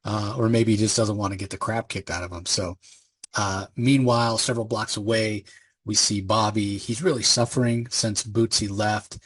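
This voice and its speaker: Husky lowish guy rambling excitedly through a comic recap. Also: moderate pace. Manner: enthusiastic, rambling with many fillers. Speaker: comic book reviewer. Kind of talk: casual comic recap commentary.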